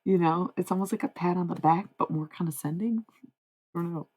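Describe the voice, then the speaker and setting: A woman's voice: lowish voice, brisk, a little mellow, breathy edge, low-quality recording. A young woman livestreaming, chatting loosely with her viewers and drifting from point to point as she goes. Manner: rambling and easily sidetracked, talking to chat. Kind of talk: casual livestream chat.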